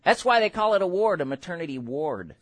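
Preacher, male, middle-aged, high-pitched, emphatic delivery that swings from quiet to shouting. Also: big pitch swings. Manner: emphatic, builds to shouted exhortations and quick asides. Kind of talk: sermon.

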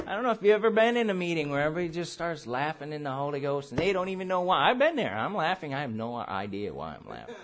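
A man preaching a charismatic sermon at a church service, laughing through his words in an animated, playful way. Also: a little high.

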